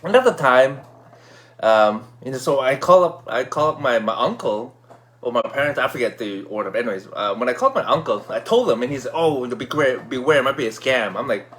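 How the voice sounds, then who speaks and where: A man casually telling a personal story, acting out his own excited shouts. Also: medium pitch, a little fast. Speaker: vlogger.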